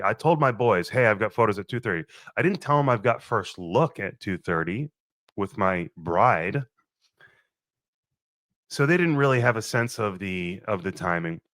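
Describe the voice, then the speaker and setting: A young adult man hosting his podcast, telling a profane, animated wedding story and acting out his own quoted lines. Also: lowish voice, no room sound. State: a little thirsty, just woke up. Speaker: podcast host. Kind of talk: casual storytelling monologue.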